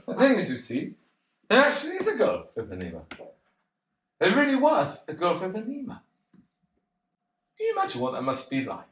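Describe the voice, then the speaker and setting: A man's voice: high-pitched, distant mic, a little hiss or hum. A man playing a nervous rambling pianist. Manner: stammering, rambling, giggly. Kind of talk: stage play acting. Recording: roomy sound heard from afar.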